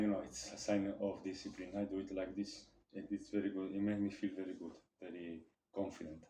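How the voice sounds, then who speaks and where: A man vlogging to camera during his workout in a gym, speaking halting non-native English full of restarts. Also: sits low, dark tone, reverberant, a little hiss or hum. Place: gym, indoors.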